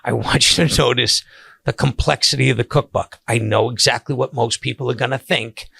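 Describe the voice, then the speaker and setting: Older Long Island man as podcast host, gravelly and bright, husky, casual storyteller. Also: medium pitch, normal speed, no room sound. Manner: animated storyteller with many restarts.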